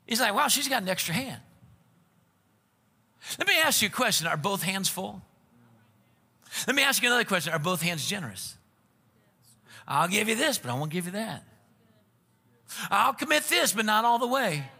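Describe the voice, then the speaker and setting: Gravelly animated preacher in a hall. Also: male voice, high-pitched. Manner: animated preaching, acting out quoted voices. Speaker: pastor. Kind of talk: sermon. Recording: long reverb of a large hall.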